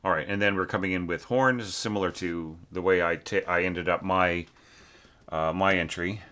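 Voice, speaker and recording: An orchestration teacher's low, steady voice carries a bright, forceful tone as he casually critiques a score. He speaks haltingly, packs in fillers, and sings phrases to demonstrate.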